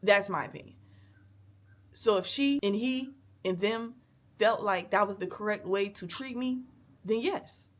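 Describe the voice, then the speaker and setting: A woman's voice: medium pitch, measured pace, pauses often. Young woman venting bluntly on a vlog. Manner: blunt, profane, emotional venting. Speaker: vlogger. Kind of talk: candid vlog rant.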